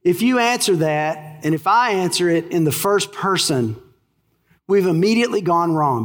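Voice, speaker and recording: Texan pastor preaching in a reverberant hall. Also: male voice, high voice, expressive, normal speed. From Texas. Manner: emphatic, asks the congregation questions and answers them. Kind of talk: sermon.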